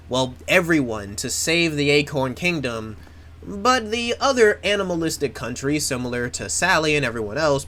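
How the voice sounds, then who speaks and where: A man's voice: a little high, a bit bright. A man in casual chat, rambling with plenty of restarts, swearing freely and mocking himself. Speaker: video creator.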